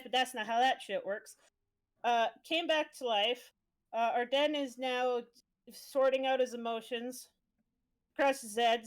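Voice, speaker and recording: A woman streamer casually recapping a tabletop game session, swearing freely as she tells it. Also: on the high side. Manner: profane, breezy storytelling.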